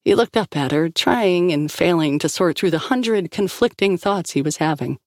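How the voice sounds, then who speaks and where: Woman reading a story, gravelly voice, super dry close mic. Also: lowish voice, lively intonation, normal speed, no echo. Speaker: audiobook narrator. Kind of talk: scripted narration.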